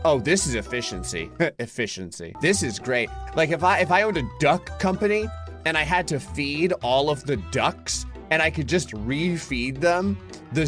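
A man giving let's-play commentary on a mobile game, excitable, laughing often and yelping in surprise. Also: a little high. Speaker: gaming commentator.

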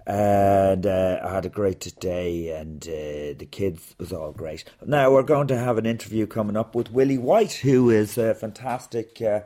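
Swearing freely and full of sarcasm, a comedian rambles through an anecdote on his podcast and then turns to interviewing a guest. His voice is on the low side with a dark tone, a little slow, and he pauses only rarely.

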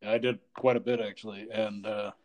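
Soft-spoken man recalling a friend. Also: on the low side, flat delivery, brisk. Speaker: friend sharing memories. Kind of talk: casual conversation.

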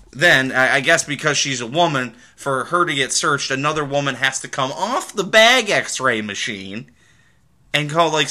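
Bright-voiced man rambling casually. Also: mid-range voice. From Midwest United States. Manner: rambling storyteller with frequent fillers and restarts. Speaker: podcast host. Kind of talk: casual solo podcast talk.

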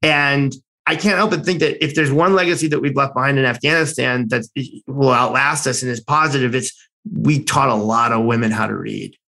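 A man from the United States, a military veteran, tells a personal war story in an animated, conversational way, blunt and casually swearing, with frequent restarts. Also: medium pitch, fairly quick, creaky, rough recording. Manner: animated, excited storytelling with many restarts and fillers.

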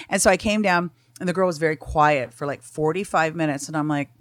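A woman's voice: fairly low pitch, a little fast, few pauses, dry recording. A middle-aged woman, a guest in a casual chat, telling a story bluntly with lots of swearing and acted-out dialogue.

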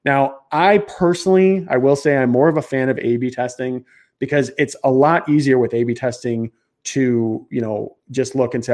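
A man with a Chicago accent talks through his ideas as a podcast guest. He rambles a little and restarts his sentences often, but keeps an eager, energetic drive. His voice sits at an ordinary middle pitch. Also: normal speed. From Chicago area. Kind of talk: conversational interview explanation.

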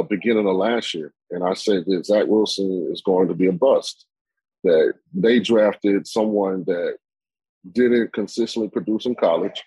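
Brief: man, low husky voice, opinionated football analyst, rambling talk, dry close sound. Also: a little mellow, dry recording, rough recording. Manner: rambling, opinionated, many fillers and restarts. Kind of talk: sports talk discussion.

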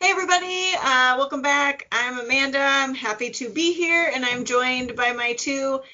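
A woman's voice: high-pitched, moderate pace, muffled recording, over loud music. A woman hosting a casual podcast chat, upbeat and laughing easily as she reads listener mail aloud. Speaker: podcast host.

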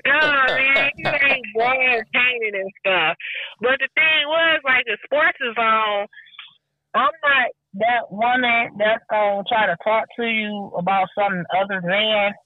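Animated woman on a tinny phone line. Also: fairly high pitch, measured pace, dry recording. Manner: animated storytelling, acting out quotes. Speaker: podcast guest. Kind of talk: casual chat.

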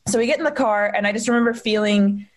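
A young woman telling a personal story in conversation, candid and halting, with many fillers and restarts. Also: medium pitch. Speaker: guest.

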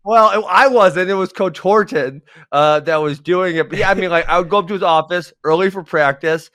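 Animated, lively man on a dry mic. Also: high voice, fairly quick, dry recording. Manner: animated storyteller, bursts of laughter. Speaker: podcast co-host, former wrestler. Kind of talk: casual chat.

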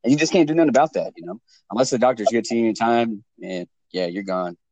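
Guy musing loose in a podcast chat, kinda low voice, hedges a lot, dry sound. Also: fast talker, darkish tone, no echo, low-quality recording. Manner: rambling, hedging, swears offhand. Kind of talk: casual chat.

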